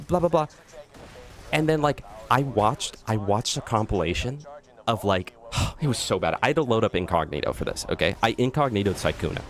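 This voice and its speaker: Animated ranting male game streamer. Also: fairly low pitch, a little fast, a little hiss or hum. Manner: ranting, animated, mocking impressions. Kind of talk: live gameplay stream chat. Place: loud room.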